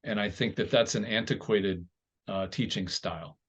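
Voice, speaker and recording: A man hosting a conversational podcast, explaining his views in a measured, step-by-step way. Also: on the low side, a bit bright. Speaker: podcast host. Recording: dull lo-fi sound.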